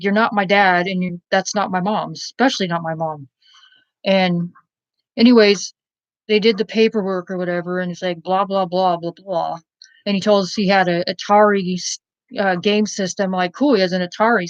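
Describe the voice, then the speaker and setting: A woman's voice: on the low side, steady tone, moderate pace, no room sound, muffled recording. A woman casually telling a personal story in a blunt, rambling way, with many fillers and some swearing.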